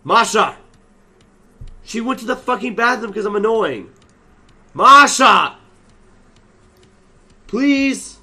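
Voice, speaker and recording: A man streamer loudly calling out and pleading, then talking to his viewers. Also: sits high, lively intonation, normal speed, pauses often. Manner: loud, pleading calls. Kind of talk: casual live stream chat.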